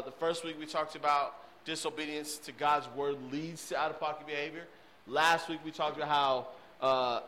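A man's voice: fairly high pitch, fairly bright tone, a little hiss or hum. A man, preaching a casual sermon as a youth pastor and often checking in with "okay?". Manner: casual, chatty, frequent "okay?" check-ins. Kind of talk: sermon to teens.

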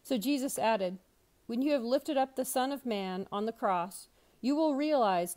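A woman pastor reading Bible passages aloud, expressive, with brief lively asides. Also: medium pitch, normal speed.

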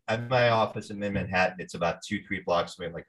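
Animated New man telling stories. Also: on the low side, quick pace. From New Jersey. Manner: animated storyteller, acts out quoted voices. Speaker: actor guest. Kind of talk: storytelling interview.

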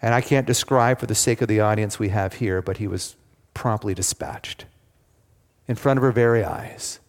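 A man preaching a sermon, telling a story dramatically and dropping to a hushed, pleading tone. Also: on the low side, steady tone, normal speed. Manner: dramatic, swings from loud acted quotes to hushed pleading. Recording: long hall reverb.

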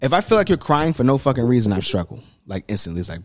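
Man, podcast guest, blunt and profane, mid pitch, animated storyteller. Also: fast talker, few pauses. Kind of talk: casual podcast chat.

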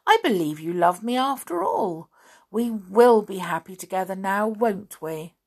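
A woman reading a storybook aloud, voicing a cheerful, bossy little princess in a high, playful voice. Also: animated, unhurried, a little mellow, breathy edge. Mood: affectionate.

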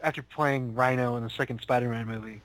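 A man's voice: medium pitch, steady tone, fast talker, a bit bright, no echo, low-quality recording. A man co-hosting a podcast, joking and swearing in casual chat. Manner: joking, profane. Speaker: podcast co-host.

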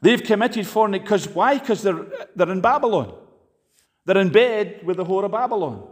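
A man preaching an impassioned sermon, swinging between loud emphatic peaks and hushed asides. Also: sits high, sing-song, moderate pace.

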